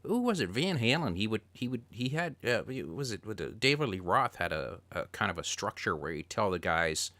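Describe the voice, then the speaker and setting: A man hosting a casual podcast, talking loosely and excitably with plenty of swearing. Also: on the low side, normal speed, few pauses, dry recording. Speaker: podcast host.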